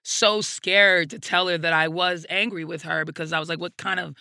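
A woman comedian, interviewed as a guest, talks at normal speed in a fairly low, sharp yet clean voice with fairly even intonation. The recording is dry and studio-clean. Her storytelling is candid and reflective, sprinkled with "like," "you know," and casual profanity.

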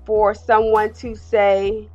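A woman's voice: mid-range voice, monotone, slow, a little mellow, soft background music. Candid woman podcaster, slightly muffled. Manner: candid and confiding, addresses listeners as "y'all". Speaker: podcast host. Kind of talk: personal solo podcast monologue.

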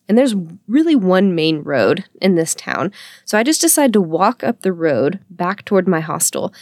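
A woman tells a personal story in a relaxed, chatty way. Her voice sits a little low and she laughs easily between lines. The sound is dry, with no room echo. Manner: chatty, animated, acts out her own quotes; laughs often while talking.

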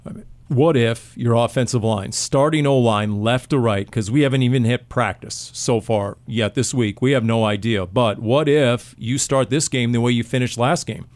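A man co-hosting a sports podcast, telling animated stories and joking with his co-hosts in casual chat. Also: mid-range voice, normal speed, hardly any pauses. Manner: animated storyteller, jokey. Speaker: podcast co-host.

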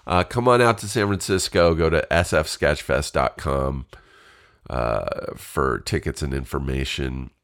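A man's voice: very deep voice, a little slow, a bit bright. A middle-aged man hosting his own podcast, talking candidly and self-deprecatingly with casual swearing, his voice a little stuffy and congested. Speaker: podcast host. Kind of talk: casual solo podcast talk.

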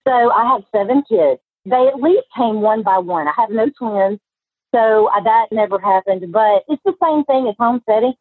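A woman's voice: a little high, lively intonation, moderate pace, breathy edge, no echo. A woman talking as a podcast guest in a bubbly, friendly way. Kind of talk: casual interview chat. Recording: tinny phone-like line.

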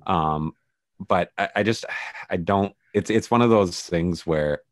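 A man's voice: sits low, measured pace, no room sound, clean studio sound. A man co-hosting a casual podcast, talking through a TV episode in a rambling, hesitant way. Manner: rambling, many fillers and restarts. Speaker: podcast co-host. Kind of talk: casual TV recap chat.

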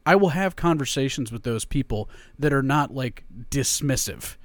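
Animated, profane man ranting casually. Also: medium pitch, moderate pace, dry recording. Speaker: podcast co-host. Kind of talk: casual sports chat.

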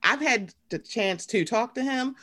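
Woman, podcast host, bright higher voice, lively, profane storyteller. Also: unhurried. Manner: animated, profane, jokey storytelling. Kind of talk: casual podcast chat.

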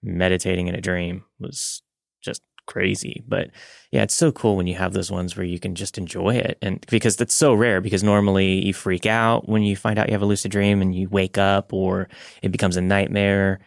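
A man co-hosting a podcast, talking in a relaxed, rambling way and laughing often. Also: low-pitched, normal speed, gravelly, no echo, clean studio sound. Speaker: podcast co-host. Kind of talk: casual chat.

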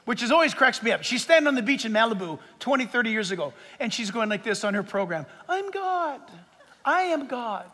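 Male pastor, quite high and forceful, preaching with humor in a reverberant sanctuary. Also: quick pace, hardly any pauses. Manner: lively, joking preacher who lists numbered points. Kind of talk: sermon. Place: church sanctuary with a live audience.

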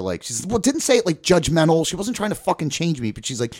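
Fast-talking profane man in his forties. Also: mid-range voice, sing-song, a little mellow. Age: 40s. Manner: profane, rambling storytelling. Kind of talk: casual podcast chat.

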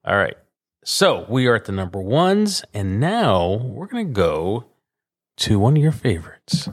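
A low-voiced man co-hosts a radio show, working down a list with lots of laughter. His pitch swings widely as he banters. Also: sing-song, a little slow. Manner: reads through a list, laughs easily. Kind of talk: casual banter.

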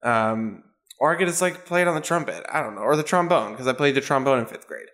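A man's voice: medium pitch, animated, fast, a bit bright. A man hosts a casual podcast in a mid-range voice. He stops and starts with ums. Laughter keeps slipping into his talk. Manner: laughs often, hesitant with ums. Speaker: podcast host. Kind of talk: casual chat.

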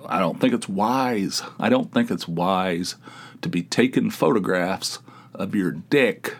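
A man's voice: low-pitched, takes it slowly. A man hosting a solo comedic podcast, telling rambling anecdotes in an incredulous way. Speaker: podcast host.

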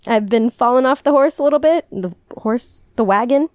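Chatty, smooth-voiced woman podcast host. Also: on the high side, moderate pace, darkish tone, no room sound, studio quality. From Chicago area. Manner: chatty, self-deprecating, laughs often. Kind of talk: casual confessional chat.

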